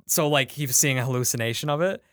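A man's voice: mid-range voice, fast, a bit bright, no room sound, clean studio sound. A man, the show's producer, retelling a comic strip in casual podcast chat, full of likes and restarts.

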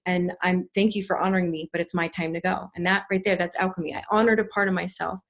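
A woman's voice: on the low side, fairly even intonation, fast, few pauses. A woman guest on a podcast, talking in a casual, effusive and earnest way, rambling with restarts. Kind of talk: casual conversational interview.

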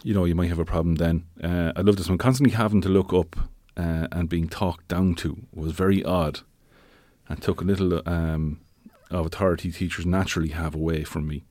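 A man's voice: sits low, steady tone, a little fast, a little mellow, no echo. A man co-hosting a casual chat show, talking conversationally with wry asides and plenty of fillers. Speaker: podcast co-host.

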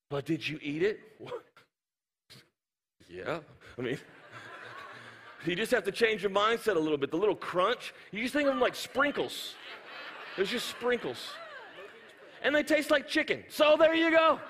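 A man preaching a sermon in a church auditorium, telling funny stories with animated asides. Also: high-pitched, big-room sound. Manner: humorous storytelling, animated asides. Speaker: pastor.

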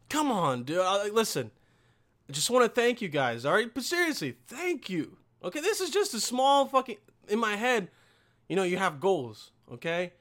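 High, lively-voiced man ranting profanely. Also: normal speed. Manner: profane, rambling, emphatic. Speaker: podcast host. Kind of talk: casual solo rant.

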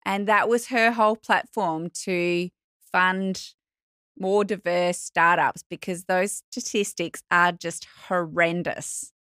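A woman's voice: on the low side, steady tone, takes it slowly, bright, forceful tone, clear, resonant tone, dry recording, clean studio sound. A woman hosting a podcast interview, asking questions and reacting with lots of exclamations. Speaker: podcast host. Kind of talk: casual interview chat.

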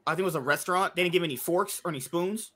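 A man hosts a podcast in loose, casual chat. His voice sits fairly high and sounds bright and forward. He trades crude jokes with his co-host and steers the talk onto new topics. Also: racing. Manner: joking, crude banter, then steering the topic.

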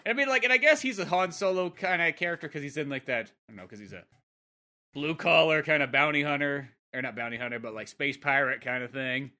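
A man's voice: a little high, quick pace, bright, forceful tone. A man chatting casually on a podcast about a film, rambling with many fillers. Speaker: podcast co-host. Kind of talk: casual film-review chat.

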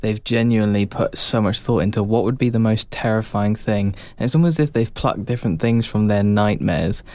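Thoughtful man, low voice. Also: brisk, hardly any pauses, darkish tone. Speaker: podcast co-host. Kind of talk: casual film discussion.

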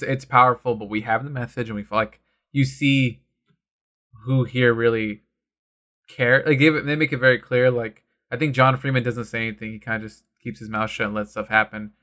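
Excited young-sounding man gushing casually. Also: medium pitch. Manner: excited, fast, full of filler words and swearing. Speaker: comic discussion co-host. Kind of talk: casual chat.

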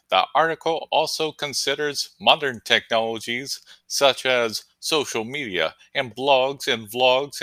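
A man voicing a stiff male field reporter, delivering a formal report in a deadpan way. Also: mid-range voice, no room sound.

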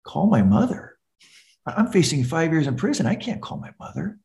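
A man's voice: fairly high pitch, sing-song, moderate pace, creaky, darkish tone. A middle-aged man, a recovery coach, earnestly telling his personal story as a podcast guest and acting out the voices of the people in it.

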